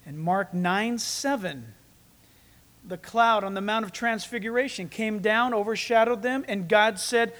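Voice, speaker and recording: A man with a high voice preaches a sermon as pastor. He builds to loud, emphatic peaks, then drops to quiet, close asides to the congregation. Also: unhurried.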